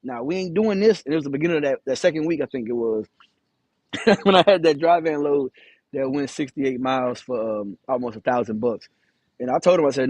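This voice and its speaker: A truck driver tells a story straight to camera, blunt and swearing freely, and acts out what others said. His voice sits a little high for a man. The sound is dry, with no room echo. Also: a little fast, a little mellow. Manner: candid, profane, acts out quoted dialogue. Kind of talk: casual storytelling vlog.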